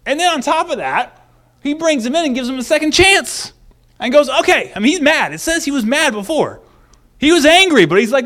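Male preacher, higher-pitched voice, animated sermon delivery swinging from loud to hushed. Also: brisk. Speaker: pastor.

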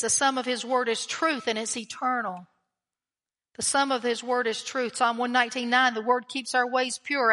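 A woman delivers a sermon in a high, bright voice, emphatic and conversational, throwing questions out to her listeners. Her words ring out with a long reverb, as if she is speaking in a large church sanctuary. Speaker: preacher.

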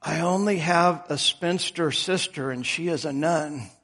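A man voicing a frail old male hospital patient in a weak, raspy voice. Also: on the high side, a little slow, a bit bright. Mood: deadpan.

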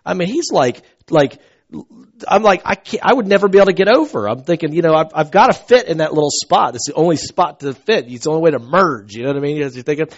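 Pastor guy telling stories in his sermon, goes quiet then loud, kinda muffled recording. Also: fairly high pitch, fairly quick. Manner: animated storytelling, swings from soft asides to loud outbursts. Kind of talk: conversational sermon. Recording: dull lo-fi recording.

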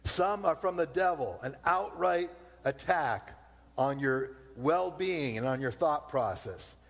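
A man preaching a sermon, slowing down to repeat his key points. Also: fairly high pitch, animated, vocal fry. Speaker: pastor. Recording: long hall reverb.

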